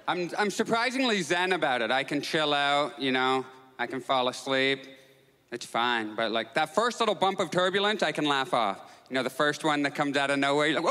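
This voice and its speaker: A man performing a stand-up comedy set, telling neurotic, self-mocking stories and jumping into high excited outbursts. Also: moderate pace, a little hiss or hum. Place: stage in a comedy club with audience. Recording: live club recording with long reverb, faint crowd.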